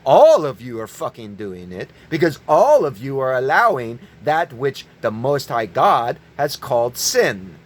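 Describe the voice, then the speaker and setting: A man giving an angry, profane religious rant, yelling at his listeners. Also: mid-range voice, very animated, measured pace, hardly any pauses. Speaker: online preacher.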